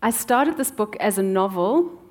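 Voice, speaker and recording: A middle-aged woman from South Africa, an author telling her family story in an interview, with many pauses and "um"s. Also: mid-range voice, expressive. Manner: warm storytelling with frequent "um" pauses. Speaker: author and guest. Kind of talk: conversational interview answers.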